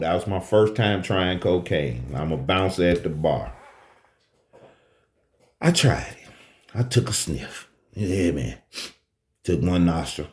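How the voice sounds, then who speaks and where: A man telling a profane personal story on a live stream, swinging between low asides and high, shouted quotes. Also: echoey room.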